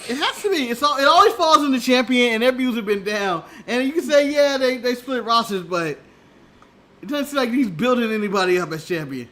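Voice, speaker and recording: Co-host, US man, very high and bright voice, jokey and quick to laugh. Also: lively intonation. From United States. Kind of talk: casual live-stream chat.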